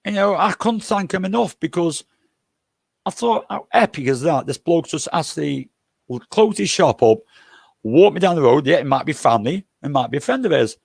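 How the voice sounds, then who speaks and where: A man's voice: a little high, expressive, moderate pace, gravelly, husky, no room sound, clean studio sound. An older man hosting a livestream, telling rambling, jokey anecdotes and swearing freely. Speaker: livestream host.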